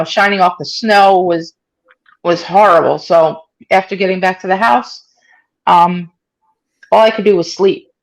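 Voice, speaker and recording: A woman's voice: mid-range voice, creaky, low-quality recording. A woman in her forties telling her own story in an interview, conversational and full of fillers, acting out what people said. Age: 40s. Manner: conversational, many fillers, acts out quoted speech. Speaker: interviewee, stroke survivor.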